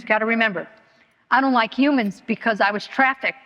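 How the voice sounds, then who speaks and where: A woman giving a candid personal testimony at a recovery meeting, talking haltingly with many fillers and restarts. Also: fairly high pitch, fairly bright tone, dull audio. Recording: long hall reverb.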